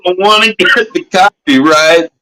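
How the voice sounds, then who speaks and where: A man's voice: high-pitched, a little slow, bright, forceful tone, smooth, poor audio. A man hosting a casual livestream, talking in a loose, profane, rambling way and coughing now and then from smoking. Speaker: livestream host. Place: indoors at a grow setup.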